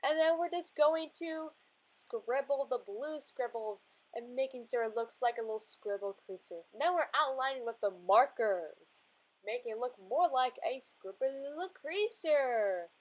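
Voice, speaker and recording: A woman's voice: sits high, lively intonation, a little slow. A woman casually narrating what she colors and draws, chatty and rambling, often restarting her sentences. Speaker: art channel creator.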